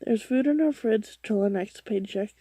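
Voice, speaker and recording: A woman reading a forum post aloud, halting and often stumbling, restarting words and correcting herself. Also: medium pitch, warm tone, slightly rough, no echo. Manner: drops to a whisper for her own asides. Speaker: reader of online posts.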